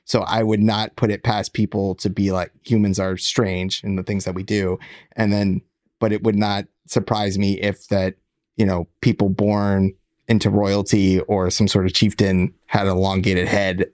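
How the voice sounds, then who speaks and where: Low voiced guy on a podcast, careful and hedgy, throws in fancy words, dry mic. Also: flat delivery, a little mellow, no room sound. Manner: measured, hedging, uses fancy words. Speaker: podcast co-host. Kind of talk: casual chat.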